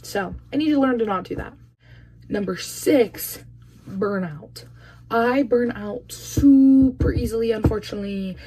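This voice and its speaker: A woman's voice: on the high side, a little slow, dark tone, breathy edge. A young woman talking casually to camera in a vlog, chatty and opinionated with emphatic bursts. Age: young adult. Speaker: vlogger.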